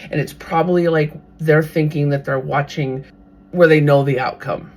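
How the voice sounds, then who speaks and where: Husky-voiced podcast host retelling a Bible story. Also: medium pitch, moderate pace. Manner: animated, briefly acts out characters' thoughts.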